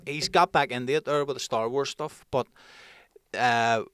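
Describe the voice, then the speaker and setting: A man's voice: medium pitch, fairly even intonation, moderate pace, fairly bright tone, smooth, dry recording, studio quality. A young man co-hosting a casual talk show, swearing freely and laughing easily. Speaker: podcast co-host. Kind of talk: casual banter.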